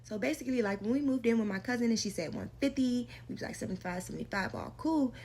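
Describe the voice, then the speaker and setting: A woman's voice: on the high side, fast, mellow, slight background noise. Slangy young woman telling a story. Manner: slangy, emphatic, repeats for effect. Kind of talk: storytime vlog, casual.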